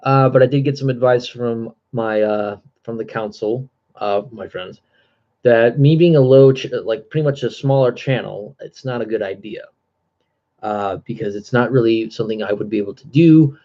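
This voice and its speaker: A man's voice: medium pitch, normal speed, mellow, lo-fi sound. A man talking casually on his live stream, out of breath, earnest and rambling with many fillers and restarts.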